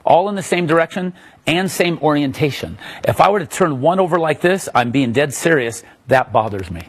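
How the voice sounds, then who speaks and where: A man teaching magic to a live audience in a room, answering questions in a joking, animated, self-mocking way. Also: on the high side, moderate pace.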